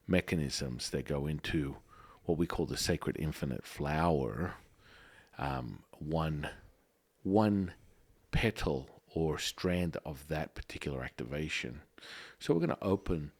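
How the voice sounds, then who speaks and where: Brief: deep male voice, playful podcast co-host who likes joking slang. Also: dry recording. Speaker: podcast co-host and Taoist teacher. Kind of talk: casual spiritual podcast chat.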